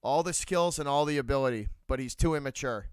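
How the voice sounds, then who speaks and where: A man with a Boston accent hosts a live sports reaction stream, speaking bluntly, repeating his points and shouting out viewers. His mid-range voice is clear and resonant, fairly quick, with no room sound.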